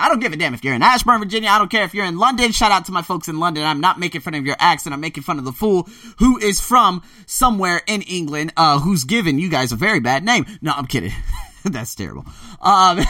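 A man hosting a podcast, giving a casual motivational rant that swings from loud to hushed. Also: sits high, dry recording, clean studio sound, distant mic. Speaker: podcast host.

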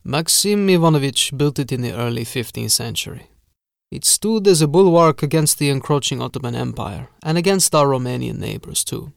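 A man voicing a sinister, formal castle steward who speaks softly and drags out his vowels. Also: medium pitch, animated, vocal fry, no echo, studio quality. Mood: sinister calm. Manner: soft, measured, drawn-out vowels.

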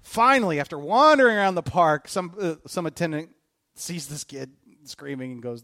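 Male pastor preaching, animated story mode, jokey asides, slightly high voice, dry close sound. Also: moderate pace, no echo. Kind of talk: sermon.

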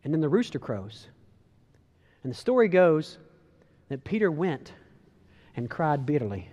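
A man preaching a casual, animated sermon, telling a story and acting out the voices. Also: fairly high pitch, measured pace, big-room sound, highs cut off. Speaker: pastor.

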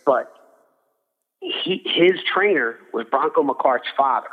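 A man's voice: mid-range voice, animated, takes it slowly, slightly rough. An older man from Philadelphia, a boxing cutman, telling rambling stories in a casual interview, full of restarts and fillers. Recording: phone-like audio with long reverb.

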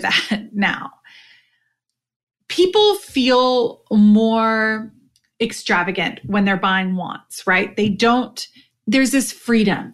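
Chatty woman coaching sellers. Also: on the high side. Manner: chatty, animated, talks straight to listeners. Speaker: podcast host and direct sales coach. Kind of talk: solo podcast talk.

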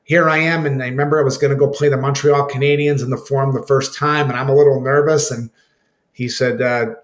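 A man at a middle pitch, a former hockey player, recalling an old teammate in a radio interview. He stalls and repeats himself, then acts out old conversations in quick bits of dialogue. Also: steady tone. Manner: halting, repeats words, acts out quoted exchanges. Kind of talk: reminiscing in an interview.

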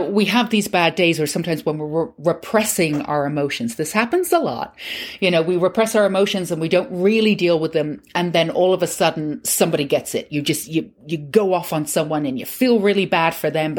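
A woman's voice: sits low, slightly rough. A middle-aged woman hosting a podcast and telling a personal story in a candid, conversational, self-mocking way. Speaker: podcast host.

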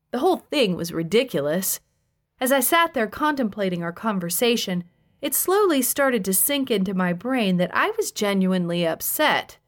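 A woman, around her thirties, reading her memoir aloud with dry, deadpan humor. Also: a little high. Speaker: narrator. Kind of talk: memoir audiobook narration.

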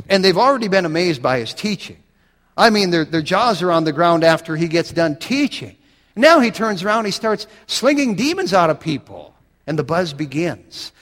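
A man's voice: a little high, a bit bright, long reverb tail. A man preaching a sermon, reading scripture aloud and building to dramatic, emphatic swells.

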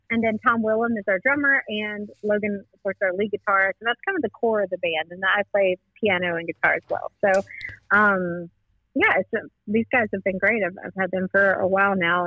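A woman's voice: medium pitch, no room sound, phone-quality sound. A woman from North Carolina with a Southern accent, a singer who fronts her band, chatting in a friendly way and laughing easily. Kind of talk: casual interview.

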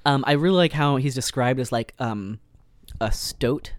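A man co-hosting a casual book podcast, who acts out the characters with animation. His voice is smooth and resonant, recorded close and dry. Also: medium pitch, normal speed, no room sound. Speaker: podcast co-host. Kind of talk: casual book discussion chat.

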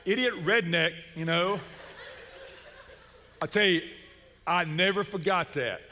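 Man, middle-aged, preacher, bright ringing voice, slightly high, long hall reverb. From Chattanooga, Tennessee. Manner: animated, comic storytelling. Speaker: pastor. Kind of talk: sermon with storytelling.

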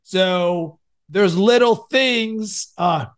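A man hosting a podcast and coaching his guest, energetic, swinging between loud and soft to make his points. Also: sits high, measured pace. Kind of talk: coaching conversation.

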